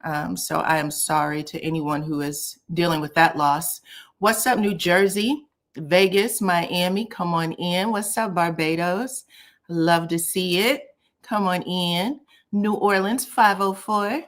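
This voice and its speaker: A woman's voice: lowish voice, takes it slowly. A woman hosting a casual live stream from home, greeting viewers by name and city and chatting loosely about online drama. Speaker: livestream host. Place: a cold room at home.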